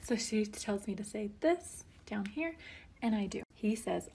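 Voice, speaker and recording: A young woman telling a social media storytime in a chatty, animated way, reading out text messages from a cheating husband. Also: medium pitch, normal speed, creaky, breathy edge. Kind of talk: casual storytime narration to camera.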